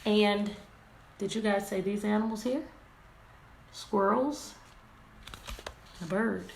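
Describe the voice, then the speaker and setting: A woman teacher reading a picture book aloud to her class, animated and asking many questions. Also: medium pitch, takes it slowly, creaky. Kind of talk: interactive read-aloud lesson. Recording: echoey room, faint background noise.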